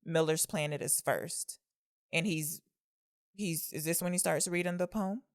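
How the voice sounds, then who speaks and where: A woman co-hosting a podcast, recapping a film in a chatty way and cutting in with quick questions and teasing asides. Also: deep voice, fairly even intonation. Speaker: podcast co-host. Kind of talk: casual film discussion.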